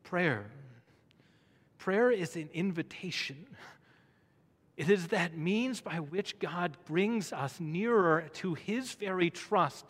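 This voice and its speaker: A man preaching a sermon, asking the congregation rhetorical questions, swelling to emphatic peaks and then dropping low and soft. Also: lively intonation, slow pace. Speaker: pastor. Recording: long reverb of a large hall.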